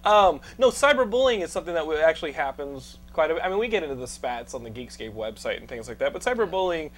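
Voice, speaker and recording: Texan man, podcast host, chatty and upbeat, fairly high voice. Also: very animated, fast talker, a bit bright. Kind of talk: casual podcast chat.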